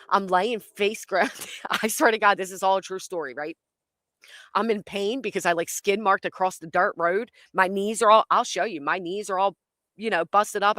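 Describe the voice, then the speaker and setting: A woman spins a chaotic personal tale in a loose, casual way, dropping curses every few words and breaking into laughter as she goes. She acts out her own thoughts with dramatic flair. Her voice sits at an ordinary middle pitch and sounds dry and close, with no room echo. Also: a bit bright. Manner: blunt, swears constantly, laughs through her lines. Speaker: storyteller. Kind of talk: casual profane storytelling.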